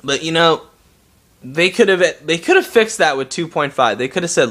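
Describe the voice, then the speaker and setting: Angry high-pitched man ranting. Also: expressive, moderate pace, bright, forceful tone. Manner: heated, profane, repeats and restarts himself. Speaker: gaming vlogger. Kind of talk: angry rant to camera.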